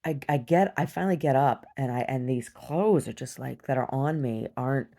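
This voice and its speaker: A woman recounting a disturbing dream in a personal video diary, talking haltingly with many restarts. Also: very deep voice, mellow. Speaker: survivor sharing a personal story.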